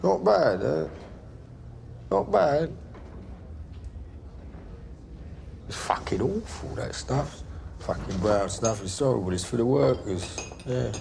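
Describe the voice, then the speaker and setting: An actor playing a volatile, menacing gangster baker and distiller, with a gravelly, mocking voice that swings from loud to hushed. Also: male voice, mid-range voice, animated, a little slow, a little hiss or hum. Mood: scornful. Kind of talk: television crime drama.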